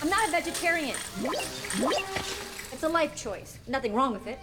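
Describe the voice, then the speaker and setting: A woman's voice: high-pitched, animated, normal speed, loud music behind the voice. An actress playing a strict, indignant woman who scolds a colleague for neglecting trainees. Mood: defensive. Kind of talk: film dialogue.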